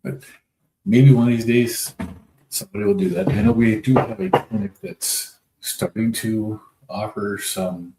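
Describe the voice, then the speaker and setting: Low-voiced folksy man. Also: expressive, unhurried. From North Dakota. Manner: easygoing, rambling, folksy. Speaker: livestream host. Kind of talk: casual livestream chat reading comments. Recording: echoey room with faint noise.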